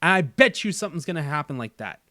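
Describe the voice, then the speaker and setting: A channel host with a slightly high, very animated voice talks quickly in a bright, forceful tone. The recording is dry and studio-clean. He's leading a casual chat, speaking earnestly and repeating phrases as he thinks aloud.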